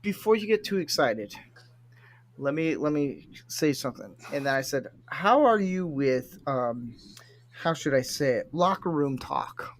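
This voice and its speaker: A man with a fairly high voice hosts a casual podcast chat. He tells jokey stories and acts out the lines of the people in them. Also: big pitch swings, unhurried. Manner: jokey storyteller, acts out quotes. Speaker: podcast host.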